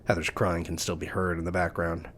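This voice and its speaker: A man's voice: low-pitched, level tone, fairly quick, a bit bright, slight background noise. A man reading a visual novel aloud, narrating the story in a casual way. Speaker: let's play narrator.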